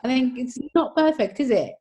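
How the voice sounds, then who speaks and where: A woman film critic in a casual review chat, giving frank opinions in a halting way. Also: high-pitched, lively intonation, warm tone.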